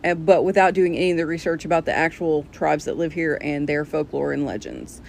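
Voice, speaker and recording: A woman's voice: low voice, fairly quick, gravelly, a little mellow, a little hiss or hum. A woman, a self-described granny witch, giving a blunt, exasperated casual rant to her viewers.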